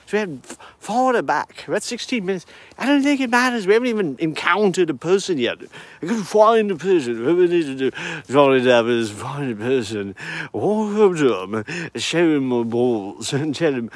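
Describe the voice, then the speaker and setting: A man's voice: high voice, sing-song, moderate pace, no echo. A man walking outdoors and rambling through an improvised comic monologue, breaking into silly voices. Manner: improvised, jumps into silly impressions. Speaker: vlogger.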